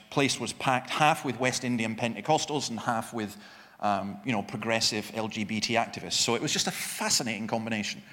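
A man's voice: mid-range voice, bright, forceful tone, long reverb tail. A man preaching a sermon with personal stories, emphatic and self-deprecating, often restarting his sentences.

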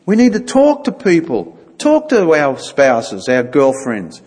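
Husky man giving a lively church talk. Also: a little high, slow pace, few pauses, big-room sound. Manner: conversational, acts out little dialogues. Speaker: church speaker.

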